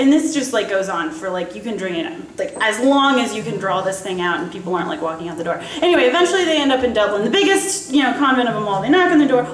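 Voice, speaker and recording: A woman's voice: medium pitch, animated, quick pace, hardly any pauses. A young woman in her twenties chatting between songs at her recital, rambling and laughing at herself. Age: 20s. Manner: giggly, rambling, self-deprecating. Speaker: student performer introducing songs. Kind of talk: casual stage banter. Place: recital hall on stage. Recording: roomy live recital from far off.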